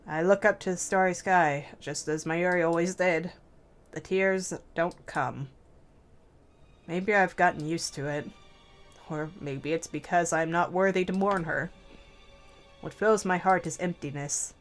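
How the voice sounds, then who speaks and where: Low-voiced woman reading a visual novel. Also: measured pace, faint music behind. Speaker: let's play host.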